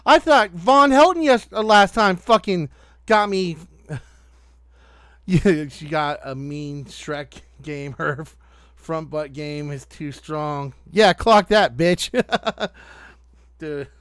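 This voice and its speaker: A man's voice: a little high, slow pace, pauses often, fairly bright tone, smooth, no room sound, studio quality. A man hosting a podcast, reacting to clips with angry, profane ranting commentary.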